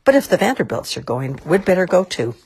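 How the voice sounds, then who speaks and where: Prim rich society lady, husky, acted by a woman. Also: fairly low pitch, very animated, a little fast, a little mellow, dry recording, voice pushed up, exaggerated voice. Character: prim wealthy society wife.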